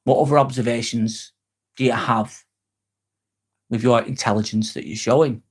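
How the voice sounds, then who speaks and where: Man, live-stream host, chatty, blunt, swears, average pitch. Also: fairly even intonation, normal speed, pauses often, slightly rough. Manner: chatty, swears freely, answers viewers by name. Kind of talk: casual live-stream chat reading comments.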